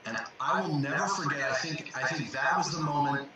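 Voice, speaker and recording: A man's voice: a little high, a little fast, muffled recording, over a noisy crowd. A man who works as a coach, talking reflectively on a video call and repeating words as he searches for them. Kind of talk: casual video chat. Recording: echoey, distant from mic, loud background noise.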